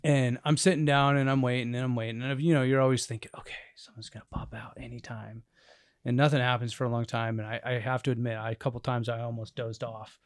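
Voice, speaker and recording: A man co-hosts an outdoors podcast and tells a hunting story in a loose, animated way. He rambles and laughs often. His voice sits at an ordinary pitch, recorded dry and close. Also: fast, clean tone, dry recording. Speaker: podcast co-host and bear hunter. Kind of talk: casual storytelling chat. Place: indoors in a cabin.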